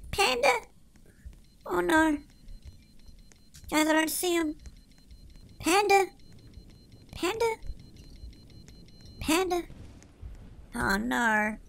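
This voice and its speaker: A squeaky chipmunk gamer. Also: gravelly, full character voice. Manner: shrieky, panicky, constantly shouting to friends. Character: excitable cartoon chipmunk gamer. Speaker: gaming channel host. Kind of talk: game commentary. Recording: noisy game sounds behind.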